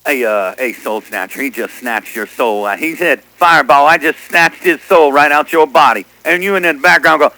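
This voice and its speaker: High, bright-voiced man on the radio. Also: moderate pace, few pauses, no echo, low-quality recording. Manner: teasing, repeats what others said on air. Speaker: CB radio operator. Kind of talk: casual radio chatter.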